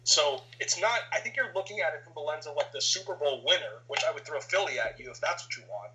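Male podcast host, bright tone, argumentative, pushes back hard. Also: a little high, animated, quick pace, dull audio. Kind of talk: casual sports debate.

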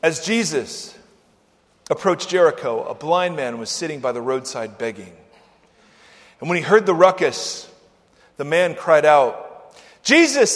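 A pastor with a medium-pitched voice delivers a conversational sermon, swinging animatedly between loud, emphatic lines and soft asides. The long reverb of a church hall surrounds him.

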